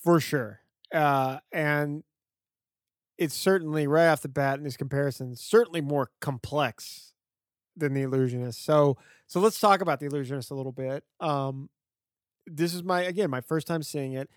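A man with a somewhat high voice co-hosts a movie podcast in a loose, conversational way. He fills his speech with ums and restarts. The sound is close and dry. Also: normal speed, no room sound. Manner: relaxed, chatty, frequent fillers. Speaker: podcast co-host. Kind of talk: casual film discussion.

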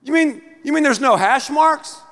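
A middle-aged male pastor preaching a sermon in a theatrical, animated way, acting out everyday scenes. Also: very high voice, moderate pace. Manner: animated, theatrical, acts out scenes with big swings in loudness. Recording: long reverb of a large hall.

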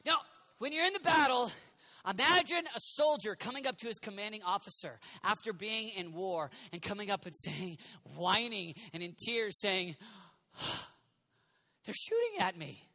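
A man preaching an energetic youth sermon, animated and jokey, acting out quoted voices and sometimes shouting. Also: high voice, moderate pace. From United States. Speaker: youth minister.

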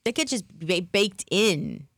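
A woman's voice: medium pitch, animated, slow pace, fairly bright tone, no echo, clean studio sound. A woman co-hosting a talk show, chatting and laughing as she tastes cupcakes with her mouth full. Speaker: co-host. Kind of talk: casual chat while tasting food.

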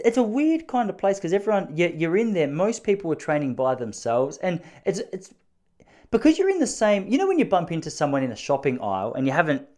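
A young Australian man talks through a casual solo podcast from his spare room at home. His voice is mid-pitched but very animated, jumping up and down as he rambles. He tells self-mocking stories in a loose, offhand way. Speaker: podcast host.

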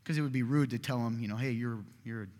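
A man's voice: mid-range voice, fast, a little mellow. A man in his thirties preaching a sermon as pastor, in a conversational way, often checking in with "right?". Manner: conversational, keeps asking "right?". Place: church hall. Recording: echoey hall.

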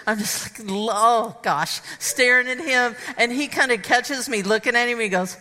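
A woman speaker telling a funny personal story to an audience of women, animated and acting out the dialogue. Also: on the high side, normal speed. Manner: animated, acts out dialogue and sound effects. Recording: long hall reverb.

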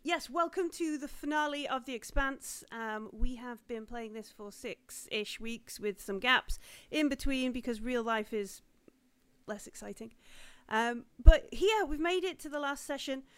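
Woman, game master, high voice, smooth, chatty with lots of ums. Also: unhurried. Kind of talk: hosting a live tabletop game.

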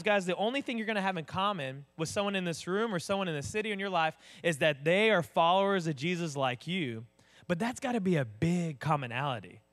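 A male pastor with a drawl delivers a sermon. He talks plainly and conversationally, often turning to his listeners with direct questions. His voice sits a little above the usual male pitch.

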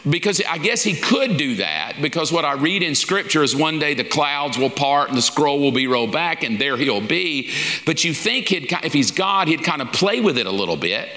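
Pastor guy teaching, casual folksy sermon, bright voice, big echoey church. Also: a little high, big pitch swings, normal speed, faint music behind. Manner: folksy and informal, acting out little quoted asides. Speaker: pastor teaching a lesson series. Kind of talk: conversational sermon. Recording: long reverb of a large hall.

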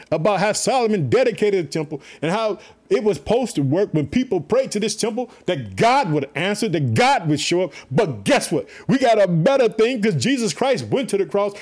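A man's voice: sits high, darkish tone. A man preaching an informal online sermon, fervent and repetitive, calling his listeners family. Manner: fervent, repetitive calls of "guess what".

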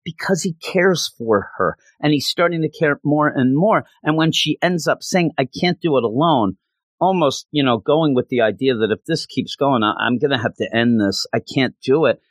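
A man's voice: mid-range voice, animated, moderate pace, hardly any pauses, no echo. A man reviewing a comic book in a casual, rambling, passionate way, with lots of fillers.

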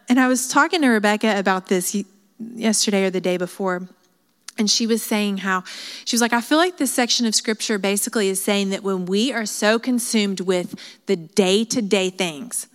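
Woman teaching a bible study to a women's group, chatty and earnest, voice rings out in a big echoey hall. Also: medium pitch. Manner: chatty, earnest, with asides and fillers. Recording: hall reverb.

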